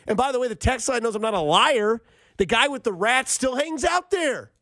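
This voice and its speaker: A man's voice: very high-pitched, normal speed, no echo, clean studio sound. A man, hosting a late-night radio show and telling jokey stories with lots of energy. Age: 30s. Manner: animated storyteller, jokey, puts on voices. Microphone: studio microphone.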